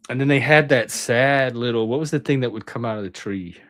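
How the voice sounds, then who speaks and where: A man's voice: mid-range voice, fairly quick, hardly any pauses, a bit bright. Rambling middle-aged man reminiscing. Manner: rambling, self-interrupting, chatty. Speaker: channel host. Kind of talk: casual reminiscing monologue.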